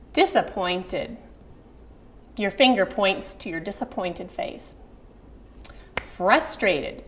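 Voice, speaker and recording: A middle-aged woman teaching baby sign language in a friendly online video lesson, acting out parent phrases with a sweet sing-song emphasis. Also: medium pitch.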